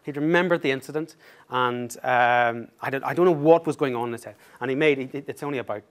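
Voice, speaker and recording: A man giving a talk as an author, telling an anecdote in a lively, self-mocking way and laughing through the story. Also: mid-range voice, brisk.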